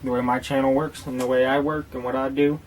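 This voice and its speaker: A man's voice: medium pitch, level tone, fast talker, slight background noise. Rambling, profane man telling stories. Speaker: tobacco dip reviewer. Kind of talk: casual vlog storytelling.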